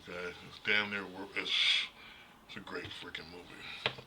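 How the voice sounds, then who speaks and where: A man's voice: sits low, little pitch movement, moderate pace, heavy background noise. A man casually reviewing horror movies in a blunt, profane, rambling way, often restarting his sentences.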